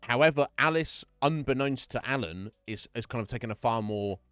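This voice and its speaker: A man's voice: mid-range voice, normal speed, a bit bright, smooth, no room sound, soft background music. A man streaming live, casually recapping a horror game's story in a rambling, swear-heavy way and laughing often. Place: home streaming setup.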